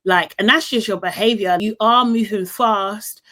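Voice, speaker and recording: A woman chatting casually through a reality show recap, opinionated and quick to laugh. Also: medium pitch, sharp tone. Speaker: recap vlogger.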